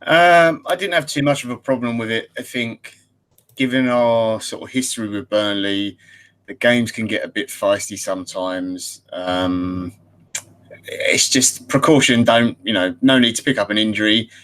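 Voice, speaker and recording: A man co-hosting a podcast, speaking in a calm, measured, relaxed way. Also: on the low side. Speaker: podcast co-host. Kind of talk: casual podcast chat.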